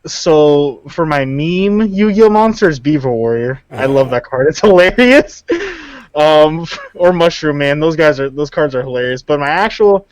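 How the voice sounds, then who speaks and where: A man's voice: a little high, expressive, a little slow, clean tone, no room sound. A man speaking as a guest in a casual chat, easygoing and giggly.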